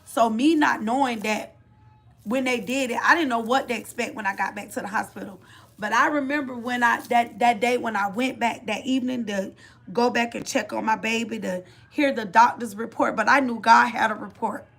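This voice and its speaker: A woman's voice: on the high side, normal speed, vocal fry, fairly bright tone. A middle-aged woman giving a heartfelt personal testimony of faith, repeating and restarting her phrases as she speaks. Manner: heartfelt, repetitive, restarts phrases, Southern Black church cadence of faith talk. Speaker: mother sharing a testimony.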